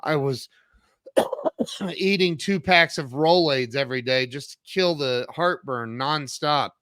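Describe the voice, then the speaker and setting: Slowly and earnestly, a middle-aged man who writes books and runs a company narrates his own story in an interview. His voice is on the high side and spikes loudly when he acts out earlier dialogue. The recording is dry with clean studio sound.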